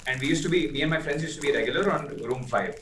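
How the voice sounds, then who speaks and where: A man tells stories at a rapid clip, animated and loose with fillers. He sounds set back from the mic in a roomy space. A faint hiss sits underneath his voice. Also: on the high side, distant mic. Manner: animated storyteller, fast with many fillers. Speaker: podcast guest. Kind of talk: casual chat.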